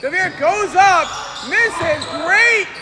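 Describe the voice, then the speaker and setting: A man doing live play-by-play for a league basketball game, excited and chatty, in an indoor gym. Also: extremely high pitch, takes it slowly. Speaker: play-by-play commentator.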